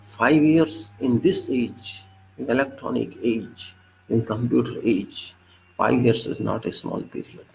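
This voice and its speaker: A man's voice: mid-range voice, a little slow, vocal fry, a little mellow, a little hiss or hum, poor audio. A man with an Indian English accent giving an emphatic, lecturing political commentary monologue and repeating his points.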